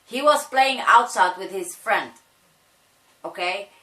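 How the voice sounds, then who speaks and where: A young woman telling a painful personal story in a halting way, repeating phrases as her voice breaks. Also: medium pitch, animated, sharp tone. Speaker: vlogger. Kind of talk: emotional storytime monologue. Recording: echoey room, voice a bit far from mic.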